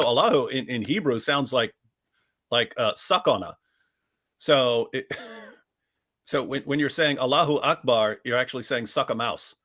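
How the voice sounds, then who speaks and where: A man co-hosts a debate review show, offering casual, sarcastic commentary and mocking opposing arguments with exaggerated mimicry. His mid-range voice is a bit bright, and he gets emphatic, repeating phrases as he builds a point.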